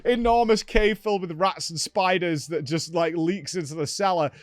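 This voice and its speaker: Animated man recapping a game. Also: high-pitched, normal speed, dry recording. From United Kingdom. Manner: animated storytelling, acts out exchanges with "I'm like". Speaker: streamer and show host. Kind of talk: casual gaming recap chat.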